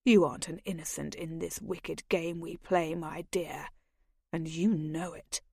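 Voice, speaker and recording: A woman's voice: lowish voice, moderate pace, darkish tone, no room sound, studio quality, lightly acted. A woman voicing a brooding, crude and bitter masked nobleman in an audiobook, speaking in a curt, sneering and passionate way. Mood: heated. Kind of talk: audiobook character voice.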